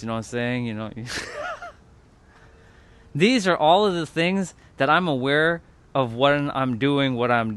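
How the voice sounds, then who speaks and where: A man with a smooth, mid-range voice that's a bit bright hosts a livestream. He talks to his chat loosely and ramblingly, using lots of fillers and casual swearing.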